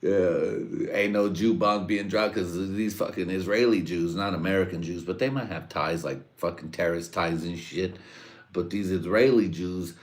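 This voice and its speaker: A man with a very low, deep voice rambles through a casual livestream rant. His talk is loose, crude and profane, and he keeps chuckling at his own jokes. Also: moderate pace. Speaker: livestream host.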